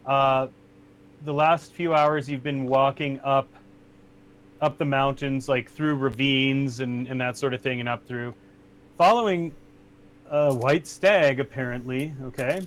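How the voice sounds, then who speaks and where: A man's voice: medium pitch, steady tone, fairly bright tone. A man narrating a tabletop game as game master, casual and swearing. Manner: casual, swears, voices characters in quick asides.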